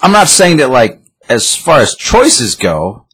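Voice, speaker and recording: A man co-hosting a casual chat, animated, acting out his own reactions as he talks. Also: mid-range voice, slow, slightly rough. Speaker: podcast co-host reviewing a comic.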